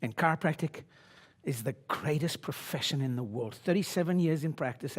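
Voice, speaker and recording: A man in his sixties speaking at a seminar, brash and boastful, dropping to low asides and then pushing up into loud exhortation at the audience. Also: moderate pace, a little hiss or hum. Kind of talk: motivational seminar talk. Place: conference room before an audience.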